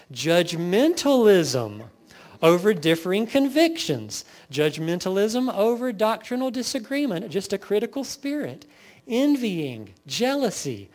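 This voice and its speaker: A man preaching a sermon, firing off lists and rhetorical questions to his congregation. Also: sits high. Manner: lively preaching, lists sins in rapid bursts, rhetorical questions. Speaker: pastor.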